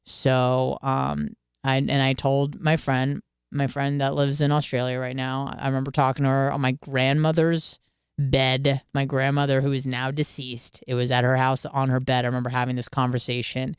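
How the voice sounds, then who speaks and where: A woman in her late twenties from Michigan, hosting a radio show and telling stories in a candid, swearing, lively way. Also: very deep voice, moderate pace, smooth, no room sound, clean studio sound. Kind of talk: casual solo radio monologue.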